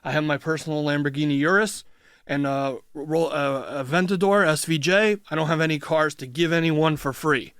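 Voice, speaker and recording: Blunt, higher-voiced man telling a story. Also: steady tone, a bit bright, smooth, dry recording, clean studio sound. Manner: blunt, swears freely, retells events in quick clipped phrases. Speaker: interview guest. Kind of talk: casual storytelling. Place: radio studio. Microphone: studio microphone.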